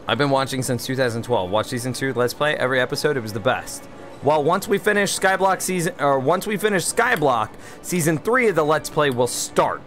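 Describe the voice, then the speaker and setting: A man's voice: mid-range voice, animated, brisk, a bit bright, faint music behind. Wry, chatty man streaming a game. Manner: chatty, wry, reads and answers viewer chat aloud. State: one beer in, slightly tipsy. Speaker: livestream gamer host. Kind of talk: casual livestream chat.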